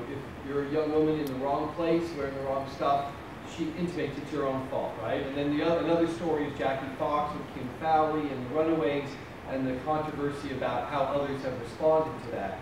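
A man from the audience asking a halting, searching question at a panel. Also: medium pitch. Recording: echoey, distant with room noise.

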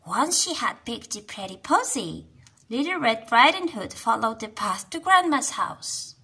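A young woman tells a children's storybook, swinging into whispers and gasps. Her voice is high and bright, with a husky, gravelly edge, and she takes it slowly. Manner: animated, gasping, dropping to whispers. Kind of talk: reading a children's storybook aloud.

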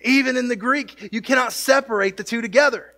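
High, bright-voiced pastor preaching. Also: male voice, a little fast. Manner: jokey asides, builds to emphatic peaks. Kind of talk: sermon. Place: church sanctuary.

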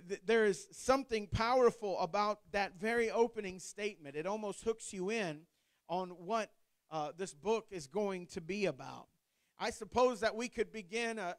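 A man in his thirties from Ohio delivers a sermon in a very high, crisp voice. He moves from loose, rambling storytelling full of restarts to fervent preaching. The sound is close and dry, with no room echo. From Ohio, USA. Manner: conversational storytelling with frequent restarts and fillers. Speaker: pastor.

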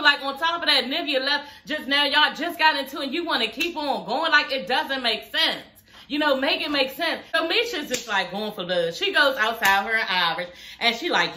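Sassy high bright-voiced woman recapping. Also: moderate pace, echoey room. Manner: sassy, profane, animated storytelling. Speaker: reality TV recap vlogger. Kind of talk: casual reaction recap.

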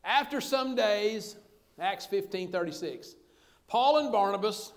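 Folksy high-voiced pastor. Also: male voice, expressive, unhurried. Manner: folksy, conversational preaching with humor. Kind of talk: sermon.

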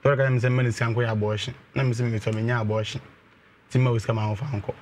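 A man calling in to tell a personal problem, speaking in a slow, halting way. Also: medium pitch, steady tone, darkish tone, a little hiss or hum. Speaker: caller.

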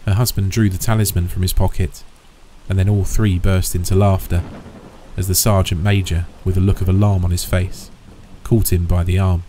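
A man narrating a horror story in a measured, steady way. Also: deep voice, slight background noise, low-quality recording.

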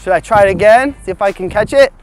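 Quick and high-voiced, a male presenter fronts a kids' learning show out in a windy field. He's playful, bubbly and full of energy, talking directly to the children viewing.

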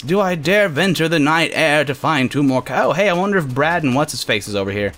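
A man hosting a casual let's-play, talking excitably and jokingly, often yelping at what happens on screen. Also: a little high, fairly quick, few pauses. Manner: excitable, yelps and shouts at the game, jokey. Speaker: gamer host.

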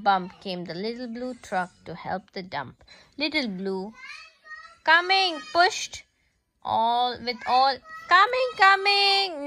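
A woman reading a picture book aloud to her child in a slow, sing-song way, making the animal sounds. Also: a little high, a bit bright.

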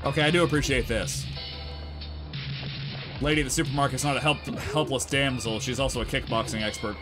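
A man's voice: medium pitch, brisk, over music. A man hosting a casual movie riff, sarcastic and exasperated, swearing freely as he comments. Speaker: host riffing on a movie. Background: film soundtrack.

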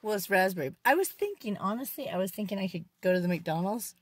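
A woman's voice: mid-range voice, lively intonation, fast talker, breathy edge, dry recording. Upbeat mom vlogger, chatty and playful, talking from her parked car. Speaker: vlogger and mother. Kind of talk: casual family vlog chat.

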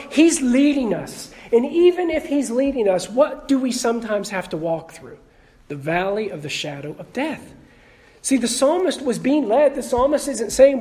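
Conversational preacher joking with congregation. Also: male voice, extremely high pitch, lively intonation, moderate pace, a little mellow. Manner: conversational, calls on the congregation with questions and jokes. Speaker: pastor. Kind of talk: sermon. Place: church sanctuary.

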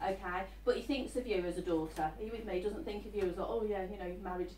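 A woman's voice: mid-range voice, racing, a little mellow. A chatty woman in her fifties gives a live stage reading to an audience. She keeps checking in with her listener. Her voice carries from a distance in an echoey hall with a faint hiss behind it. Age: 50s. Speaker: medium. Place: event hall.

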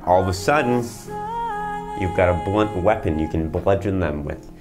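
A man's voice: deep voice, lively intonation, moderate pace, over music. A man hosting a comedic infomercial, rambling through his sales patter with fillers and restarts. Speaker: infomercial host.

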